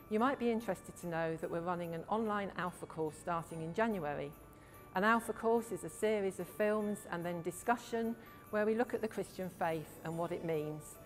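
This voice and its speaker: A woman with a British accent giving a warm, inviting church announcement. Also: mid-range voice. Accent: British English. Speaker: church member announcing a course. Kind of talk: friendly announcement.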